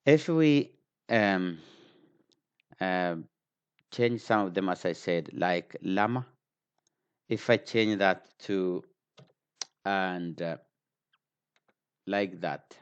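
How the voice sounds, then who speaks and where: Slow, very deep-voiced man teaching. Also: smooth. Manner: patient, repeats example words, frequent fillers. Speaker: language teacher. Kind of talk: slow spoken lesson. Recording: dull lo-fi recording.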